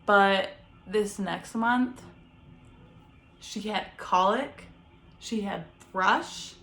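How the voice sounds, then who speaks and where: Casting note: young woman, casual vlogger, unhurried chatty storytelling. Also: medium pitch. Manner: chatty, frequent fillers, animated retelling.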